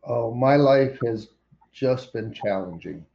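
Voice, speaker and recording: A man's voice: medium pitch, expressive, slow, creaky, dull audio. An older man wryly telling his daughter a personal story over a computer call. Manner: wry, plainspoken storytelling.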